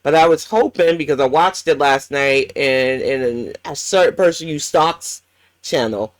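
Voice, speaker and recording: A woman's voice: low-pitched, measured pace, no echo. A woman hosting a reaction commentary, ranting bluntly and swearing often. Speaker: commentary channel host.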